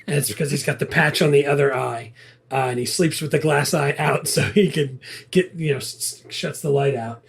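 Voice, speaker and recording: A man's voice: fairly high pitch, brisk, gravelly, breathy edge. A man co-hosting a movie podcast, talking casually, laughing often and rambling with restarts. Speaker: podcast co-host. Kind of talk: casual movie review chat.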